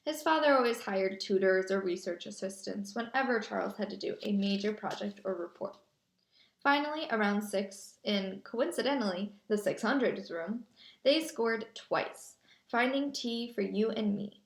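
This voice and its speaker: Brief: lively female storybook narrator, roomy echo. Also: medium pitch, normal speed. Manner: lively storytelling, voicing characters. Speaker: audiobook narrator. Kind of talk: reading a children's novel aloud. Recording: echoey room.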